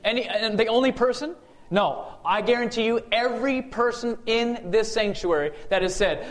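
High-voiced man preaching a sermon. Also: lively intonation, normal speed. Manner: call-and-response preaching, rhetorical questions. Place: church sanctuary.

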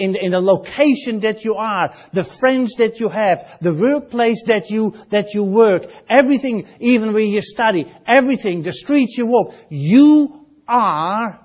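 A man preaching a sermon, emphatic and repeating key phrases, asking the congregation questions and dropping to a hush on key lines. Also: sits high, lo-fi sound. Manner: drops to a near hush on key lines, rises loud on others.

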